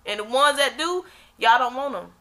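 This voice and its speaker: Blunt young woman, bright voice. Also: high voice, lively intonation, normal speed. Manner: blunt and emphatic, swears freely. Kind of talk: casual podcast chat.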